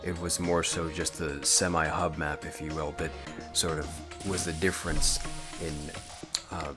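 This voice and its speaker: A man's voice: a bass voice, flat delivery, unhurried. A man giving voice-over commentary on a game walkthrough, talking in a thoughtful, analytical way with frequent hedges. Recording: voice over loud game music.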